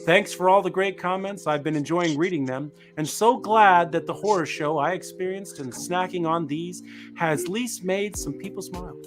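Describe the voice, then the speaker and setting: Casual show host guy, highish voice, deadpan reading stuff out loud. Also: normal speed, music in the background. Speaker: podcast co-host. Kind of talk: casual chat reading reviews aloud.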